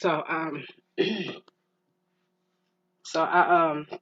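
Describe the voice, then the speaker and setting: A woman's voice: low voice, flat delivery, very slow. A middle-aged woman hosting a podcast, telling a personal story in an emotional, rambling way with many restarts, and calling the listener "girl". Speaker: podcast host. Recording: muffled lo-fi with faint hiss.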